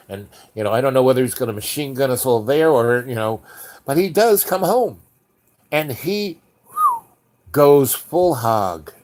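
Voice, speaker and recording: A man spinning a casual anecdote, voice at an ordinary middle pitch. He rambles, doubles back and restarts mid-sentence, keeping the talk loose and conversational. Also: darkish tone. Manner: rambling, with many restarts and fillers. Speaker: storyteller.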